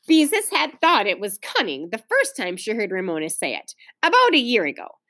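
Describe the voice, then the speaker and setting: A middle-aged woman teacher reading a children's novel aloud to her class, telling the story in an expressive, clear way. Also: a little high, moderate pace.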